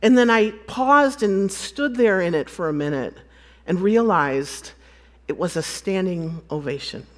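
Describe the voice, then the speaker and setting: Animated woman telling stories on stage. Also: lowish voice, a little slow. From United States. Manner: animated, acts out dialogue, laughs often. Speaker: conference speaker. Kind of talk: storytelling conference talk.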